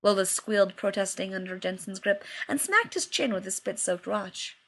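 A woman reading a story aloud in a voice of middling pitch. Her reading is expressive, carrying the narration between the dialogue. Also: normal speed, vocal fry. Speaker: reader.

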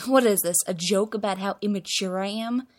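A woman's voice: mid-range voice, moderate pace, close to an everyday voice. A woman voicing a flustered, sarcastic teenage boy who snaps back defensively, in a spoken story reading.

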